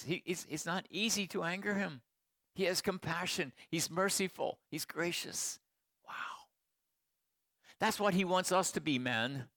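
Middle-aged pastor preaching, dry sound. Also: male voice, a little high, no echo. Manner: storytelling, swings from hushed asides to emphatic proclamation. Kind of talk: sermon.

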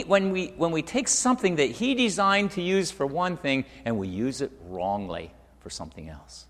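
A middle-aged man preaching a sermon, swinging from loud emphatic peaks to hushed near-whispers and repeating words as he finds his next thought. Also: on the high side, big pitch swings, normal speed, hardly any pauses, big-room sound. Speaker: pastor.

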